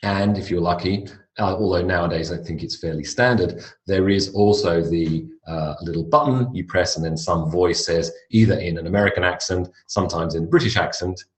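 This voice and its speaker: Guy with a deep voice, chatty english lesson, kinda echoey room. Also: moderate pace, few pauses. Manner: relaxed, conversational, with asides and restarts. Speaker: English pronunciation teacher. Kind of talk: recorded lecture.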